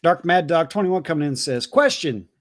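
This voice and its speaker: A man's voice: fairly high pitch, very animated, moderate pace, no room sound, studio quality. A man co-hosting a casual livestream, reading chat messages aloud with loose jokes and stumbling repeats.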